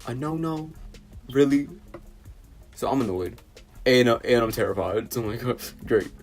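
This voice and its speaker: A man's voice: medium pitch, animated, normal speed, soft background music. A teenage young man from New City, telling an exasperated storytime vlog full of fillers and restarts. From New York City. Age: teens. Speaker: vlogger.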